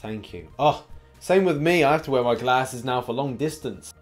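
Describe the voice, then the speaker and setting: A man's voice: mid-range voice, expressive, normal speed, faint music behind. A man hosting a casual gaming news show, rambling and laughing often, with a slight cough.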